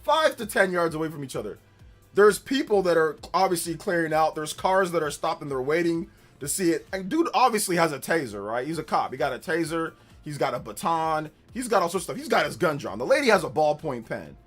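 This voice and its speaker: A man chats casually on his gaming livestream, spinning animated stories and breaking into laughter often. His pitch jumps around a lot as he acts out quotes at full volume, while faint music plays behind him. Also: a little fast.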